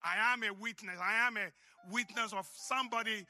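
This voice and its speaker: A man with an African accent preaching a sermon as pastor, emphatic and rising to shouts. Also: high voice, fairly even intonation, moderate pace.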